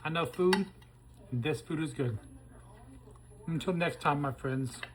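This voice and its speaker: A man's voice: fairly high pitch, a little slow, poor audio. A man hosting a casual cooking demonstration in his kitchen, chatty and folksy, talking to viewers as he tastes the food. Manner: chatty and folksy, talks to viewers while tasting. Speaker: cooking show host.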